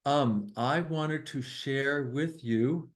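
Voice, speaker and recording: A man reading poems at an online poetry gathering, slowly and deliberately, with chatty asides between them. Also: medium pitch, rough recording. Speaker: poetry reader at an open mic. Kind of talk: casual reading and commentary. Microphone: online video call.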